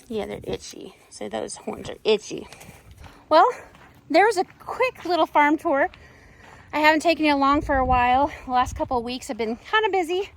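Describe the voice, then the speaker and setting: A woman in her thirties vlogging outdoors on her farm, baby-talking her animals and calling sheep loudly. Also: high-pitched, creaky, slight background noise. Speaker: ranch vlogger. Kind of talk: casual farm vlog talk.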